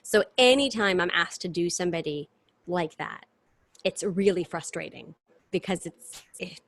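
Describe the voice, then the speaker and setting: A woman's voice: fairly low pitch, normal speed, no room sound. Chatty woman, dry close sound. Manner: chatty and animated, long rambling answers with restarts. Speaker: guest, stage singer and impressionist. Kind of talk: casual interview chat.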